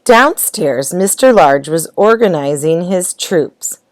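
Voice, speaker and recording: Woman storyteller, picture-book read-aloud, unhurried and expressive, low pitch. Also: dry recording. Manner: slow, gentle, expressive. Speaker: storybook reader.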